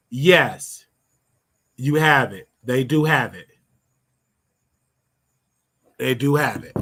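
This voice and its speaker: A man's voice: mid-range voice, pushed and bright. An older man hosting his own show, giving a brash, scolding commentary monologue and drawing out words for emphasis. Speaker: show host.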